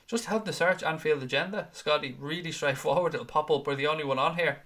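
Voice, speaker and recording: A man's voice: a little high, a little fast, few pauses, sharp tone. A man hosting a live fan show, chatting casually and swearing as he reads viewer comments and jokes with his co-hosts. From Ireland. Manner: chatty, jokey and profane, teasing his co-hosts.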